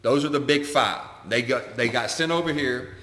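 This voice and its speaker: A man's voice: mid-range voice, normal speed, a bit bright. A man co-hosting a podcast, a coach talking in casual, opinionated chat. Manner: opinionated, preachy. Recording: echoey room with long reverb.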